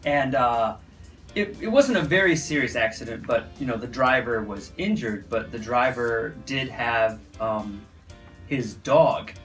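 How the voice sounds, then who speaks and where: Middle-aged American man, storytelling teacher type, lively and animated, soft guitar faintly behind. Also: mid-range voice, a little slow. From United States. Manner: animated, acts out sounds and voices in his stories. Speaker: university English teacher. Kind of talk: casual storytelling.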